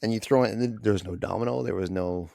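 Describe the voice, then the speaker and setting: Brief: low, gravelly-voiced man co-hosting a podcast, animated opinions, dry close recording. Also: no room sound. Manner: quick, animated film opinions. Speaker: podcast co-host. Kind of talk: casual chat.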